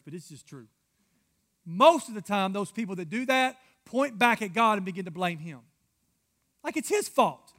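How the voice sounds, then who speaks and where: Man, pastor, sermon, fairly high voice, emphatic, hushed asides, repeats words. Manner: swings between loud emphatic preaching and hushed softness.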